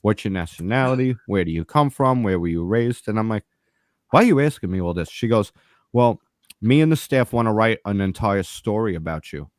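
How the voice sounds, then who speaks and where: A man's voice: lowish voice, moderate pace, no echo, studio quality. A man telling a story in casual podcast chat. He swears constantly and acts out the other people's lines. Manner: profane and animated, acts out the voices of others.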